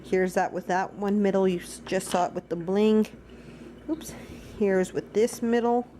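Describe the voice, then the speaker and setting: A woman's voice: medium pitch, measured pace, warm tone, slight background noise. A young woman chatting through a casual daily vlog at home, rambling and talking to her dogs. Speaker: vlogger. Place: at home, indoors.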